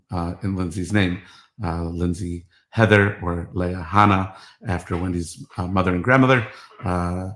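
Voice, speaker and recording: A middle-aged man with a lowish voice rambles through a personal monologue, halting often with fillers and restarts. The room around him is echoey. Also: a bit bright. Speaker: father recording family history.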